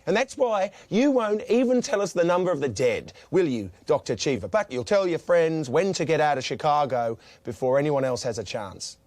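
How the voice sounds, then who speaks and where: A man's voice: on the high side, animated, normal speed, hardly any pauses, darkish tone, no room sound, lightly acted. An actor playing a confrontational male conspiracy blogger in a film, speaking with a put-on Australian accent in a pointed, accusing manner. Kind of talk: film drama acting.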